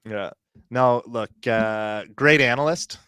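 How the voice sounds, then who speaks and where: A man's voice: medium pitch, slow pace, sharp tone, clear, resonant tone, no echo. A man co-hosting a podcast, chatting casually and ranting with laughs. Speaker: podcast co-host. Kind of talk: casual chat.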